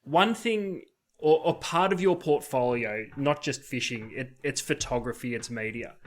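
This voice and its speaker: A man's voice: medium pitch, a little slow. A man hosting a casual podcast, asking questions bluntly with casual swearing. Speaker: podcast host.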